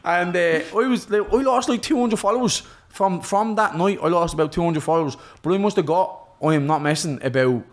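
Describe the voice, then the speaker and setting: A young Irish man, a boxer, telling a lively, cheeky story in casual podcast chat and putting on other people's voices. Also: sits high, fairly quick, hardly any pauses. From Ireland. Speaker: guest, professional boxer.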